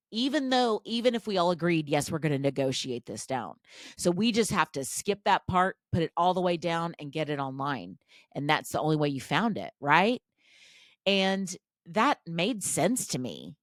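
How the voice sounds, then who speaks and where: A woman's voice: sits low, no room sound, clean studio sound. A woman hosting a podcast, talking in a casual, chatty, self-deprecating monologue full of restarts and asides. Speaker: podcast host.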